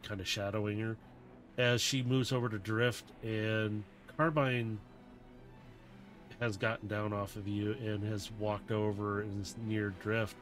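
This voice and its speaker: A man's voice: fairly low pitch, a bit bright. A man narrating a tabletop role-playing game as game master, in a casual, loose way. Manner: casual, loose, with many "kinda".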